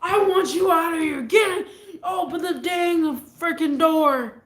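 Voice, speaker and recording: Enraged neighbor man hollering insults, voiced by a woman; high pitch, roomy echo. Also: slow, exaggerated voice. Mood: angry yelling. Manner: yelling, insulting. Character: furious shouting neighbor man.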